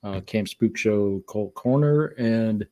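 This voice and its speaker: Low, mellow man co-hosting a podcast, halting with lots of fillers. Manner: halting, filler-heavy announcements. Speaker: podcast co-host. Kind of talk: casual live-stream chat.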